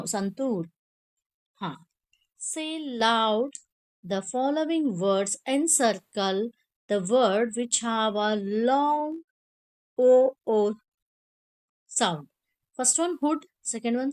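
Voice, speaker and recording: A woman teacher with an Indian English accent works through a textbook exercise. Her voice sits a little high. She speaks slowly and repeats each word for the drill. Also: darkish tone. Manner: slow, repeats words for pronunciation drill. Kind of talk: textbook lesson explanation.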